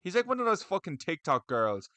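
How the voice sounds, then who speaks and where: A man's voice: high voice, sing-song, brisk, bright, forceful tone, dry recording. A young man, ranting bluntly and profanely as the host of an opinionated video about fans of a combat sport. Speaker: MMA commentary vlogger. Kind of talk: opinionated solo rant to camera.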